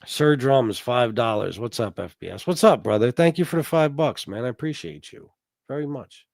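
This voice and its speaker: With a mid-range, animated voice carrying vocal fry and a slightly mellow quality, this middle-aged man of Sicilian heritage hosts a livestream at a moderate pace. He spins brash, profane stories and reads chat aloud to respond, in a dry, studio-quality recording.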